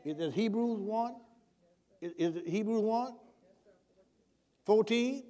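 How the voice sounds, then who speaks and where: A man's voice: high voice, slow, dark tone, a faint crowd. A male preacher delivering a sermon, prodding the congregation with call-and-response questions.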